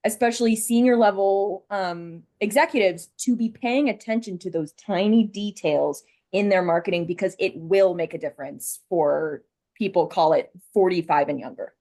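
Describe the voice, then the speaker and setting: A young woman speaking as a guest on a podcast, thoughtful and pausing on fillers. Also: mid-range voice, dark tone. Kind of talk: casual discussion.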